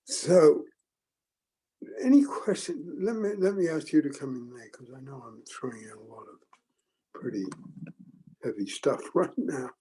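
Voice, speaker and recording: Slow gravelly older man teaching. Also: a little high, lively intonation, dark tone, low-quality recording. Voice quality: gravelly, husky. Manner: slow, halting, with many ums and restarts. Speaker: teacher leading a forum. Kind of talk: reflective group teaching talk.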